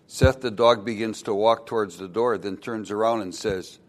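A man's voice: on the low side, fairly even intonation, measured pace. A male pastor telling a joke in his sermon, in a folksy, chuckling storytelling manner.

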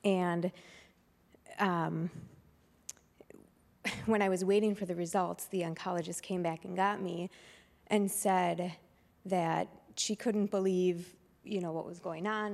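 A woman's voice: fairly low pitch, fairly even intonation, takes it slowly, vocal fry, pauses often, darkish tone, long reverb tail. A woman telling her own story to a church congregation, unscripted and hesitant. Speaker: church member sharing a testimony. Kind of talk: personal testimony to a congregation.

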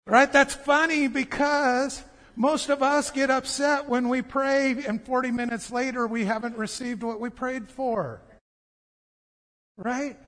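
With a very high-pitched voice and a slightly slow pace, a man delivers a sermon as pastor. He brings his stories to life with animation, performing the voices of each character, all under a long hall reverb.

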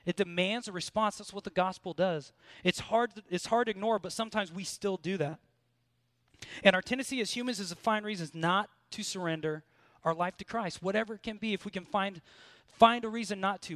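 High-pitched man, American accent, sermon, earnest and rising, dry close mic. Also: a bit bright, dry recording. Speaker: preacher. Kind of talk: sermon with personal story.

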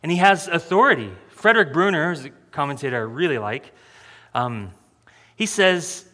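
Joking preacher in a reverberant hall. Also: male voice, a little high, animated, moderate pace, sharp tone. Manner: joking, self-deprecating, laughs often. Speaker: pastor. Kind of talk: sermon.

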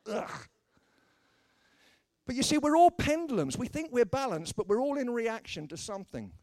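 A man's voice: extremely high pitch, big pitch swings, brisk, a little mellow, no room sound. British preacher guy, dry self-mocking jokes, voice all over the place when he acts out his stories, close dry mic. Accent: British English. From Britain. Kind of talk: humorous sermon with acted anecdotes.

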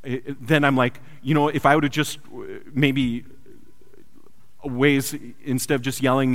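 A man preaching a sermon built around a personal story, swinging from loud urgent lines to quiet hushed ones. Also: on the high side, normal speed. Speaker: pastor. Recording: long hall reverb.

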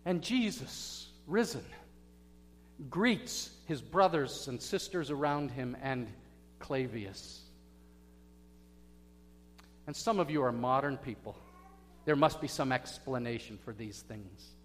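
A man preaching a sermon as pastor, telling stories dramatically and swinging from hushed words to loud bursts. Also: medium pitch, lively intonation, takes it slowly, long pauses, soft background music. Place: church sanctuary. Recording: echoey hall with faint hum.

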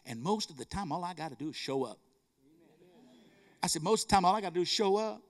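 A middle-aged man with a drawl delivers a sermon. His voice sits high for a man, and his fervent storytelling keeps turning into calls to the congregation. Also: lively intonation, fast talker. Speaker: preacher.

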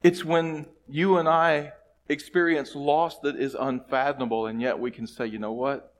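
A man's voice: medium pitch, steady tone, normal speed. Man preaching a storytelling sermon. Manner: storytelling, shifting from hushed to loud and emphatic. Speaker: pastor. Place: church sanctuary.

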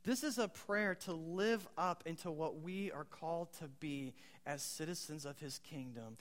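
A man with a notably high voice preaches a sermon in a relaxed, conversational way, asking his congregation questions and dropping quoted one-liners. His words ring out with a long reverb from a large church hall. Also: measured pace. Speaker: pastor.

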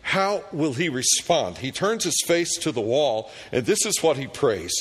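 A man's voice: a little high, very animated, husky. A middle-aged man preaching a sermon as a pastor, reading scripture prayers with rising fervor and telling a personal story. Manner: slow, deliberate preaching that rises to fervent loud prayer readings.

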